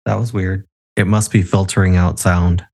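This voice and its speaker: A man's voice: sits low, little pitch movement, moderate pace, darkish tone, slightly rough. A tipsy man co-hosting a casual podcast over a remote call, swearing freely and laughing often. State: a little tipsy. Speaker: podcast co-host. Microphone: remote call recording.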